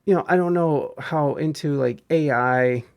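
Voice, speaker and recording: A man hosting a casual podcast chat, talking in halting bursts with many restarts and fillers. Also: fairly high pitch, a little mellow, dry recording. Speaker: podcast host.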